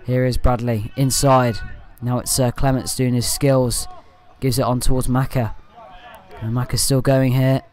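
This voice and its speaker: Male fan commentator, mid-pitched, loose amateur match voice-over, keeps moving on with "anyway". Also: unhurried, a faint crowd. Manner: rambling, leans on "anyway" and "uh" to move on; partisan, with excited bursts at good play.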